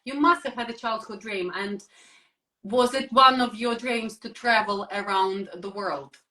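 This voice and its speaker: A woman's voice: fairly high pitch, a little slow, sharp tone. A woman interviewing a guest in casual chat, teasing him and steering him back to her questions.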